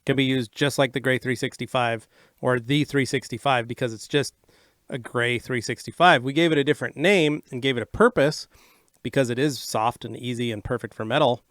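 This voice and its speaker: Man, casual livestream co-host, brisk explainer, dry close sound. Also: mid-range voice, steady tone, a bit bright, no room sound. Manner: brisk, matter-of-fact explaining. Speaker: co-host reading viewer questions.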